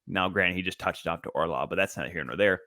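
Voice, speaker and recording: Chatty low-voiced man recapping hockey. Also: fast talker, dry recording, clean studio sound. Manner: energetic, chatty play-by-play recapping with asides and restarts. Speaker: podcast host. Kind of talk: solo sports podcast recap.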